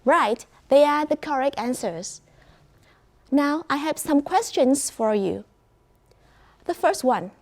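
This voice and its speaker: This English teacher, a woman with a Vietnamese accent, has a high-pitched voice that leans darkish. She speaks with slow clarity, cheering students on and nudging them to answer.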